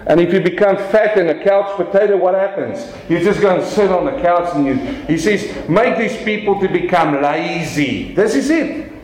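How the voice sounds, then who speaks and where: A man preaching a sermon as pastor, animated, slowing down for emphasis and swinging his voice up and down to make his points. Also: echoey room, low-quality recording. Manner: animated preaching with dramatic pitch swings and slow emphatic phrases.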